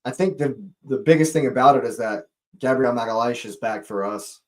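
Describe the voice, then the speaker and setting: A man's voice: mid-range voice, fairly quick. A man hosting a live watch-along, giving fan play-by-play commentary and talking to viewers in the chat, his voice leaping up at near chances. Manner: excitable, voice leaps up on near chances; chatty, greets and talks to chat viewers.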